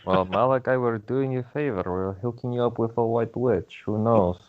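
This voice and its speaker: A man's voice: mid-range voice, normal speed, phone-quality sound. A man playing a tabletop game in casual talk, playful and laughing through his lines. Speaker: player.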